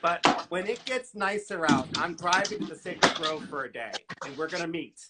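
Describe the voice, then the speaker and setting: A man hosting a casual phone livestream, excitable and gushing as he rambles on. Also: fairly high pitch, normal speed, very noisy. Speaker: livestream host.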